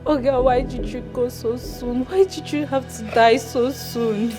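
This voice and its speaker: A slow, mournful young mourner. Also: female voice, high voice, fairly even intonation, music in the background. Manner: slow, sorrowful lament. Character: grieving young woman mourning her kind boss. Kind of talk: film acting.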